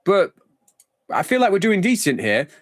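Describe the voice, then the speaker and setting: A man's voice: high voice, big pitch swings, normal speed, dry recording, studio quality. A man streaming a football management game live, thinking aloud in a rambling, casual way.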